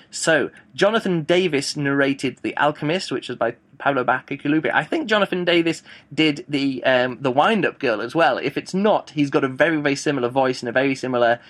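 A man's voice: medium pitch, a bit bright. A man giving a casual audiobook review, rambling and thinking aloud as he goes. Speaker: book reviewer.

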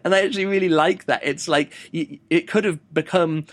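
A man's voice: fairly high pitch, steady tone, fairly quick. A man giving a casual audiobook review, rambling and thinking aloud as he goes. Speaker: book reviewer.

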